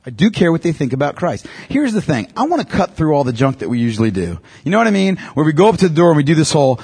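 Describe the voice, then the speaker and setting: A man's voice: on the high side, big pitch swings, rapid-fire, creaky, a little mellow, slightly rough. A man teaching a church class on evangelism, emphatic and repeating his key points, often checking in with "okay?".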